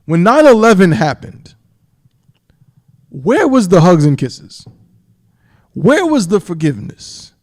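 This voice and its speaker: Guy preaching on a livestream, kinda high voice, keeps asking if you understand, drags out the big words. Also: very animated, darkish tone. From New York. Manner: emphatic, repeats "you understand?", stretches key words slowly; reads scripture in a slow, solemn cadence. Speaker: live-stream Bible teacher. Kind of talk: preaching Bible commentary on a live stream.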